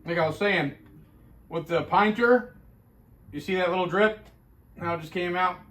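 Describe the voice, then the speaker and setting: A man's voice: high voice, normal speed, fairly bright tone. A man reviewing his own homebrewed beer in a casual chatty video, rambling with fillers and restarts.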